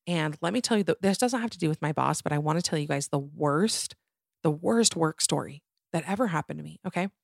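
Low-voiced chatty young woman telling stories. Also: a little fast, vocal fry, no room sound, studio quality. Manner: chatty, animated, lots of "like" fillers. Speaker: podcast host. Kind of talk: casual storytelling.

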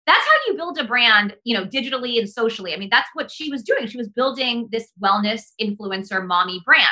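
A woman's voice: a little high, lively intonation, a little fast, sharp tone. A woman from Texas, a guest in a casual gossip chat, talking emphatically and running on with "like" and "right?".

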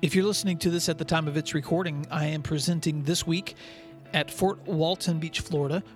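A man hosting a podcast for school leaders, telling a story in an earnest, measured way. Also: on the high side, fairly even intonation, faint music behind. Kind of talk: scripted podcast monologue with storytelling.

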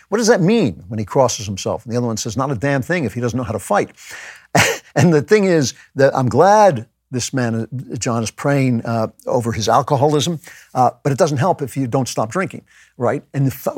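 Husky-voiced man musing on faith. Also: mid-range voice, dry recording, studio quality. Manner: conversational, musing, with frequent restarts. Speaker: podcast host. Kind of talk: reflective spoken monologue.

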